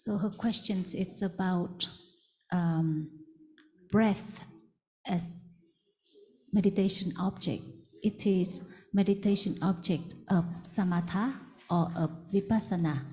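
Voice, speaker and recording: A woman's voice: lowish voice, mellow. Woman interpreter. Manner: halting, searching for words.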